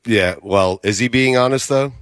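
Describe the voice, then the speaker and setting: A man in a middle pitch hosting sports talk, pressing his point with a doubtful edge and laughing easily. The recording is dry and close. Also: a bit bright, dry recording. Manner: skeptical, quick to laugh, pointed. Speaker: sports radio host.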